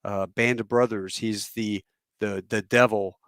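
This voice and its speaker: A man's voice: on the low side, measured pace, smooth, dry recording, studio quality. A man in his fifties, a podcast host and former Marine pilot, telling rambling anecdotes and acting out the people he quotes. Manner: rambling, animated storyteller who acts out quotes. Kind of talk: casual chat, anecdotal storytelling.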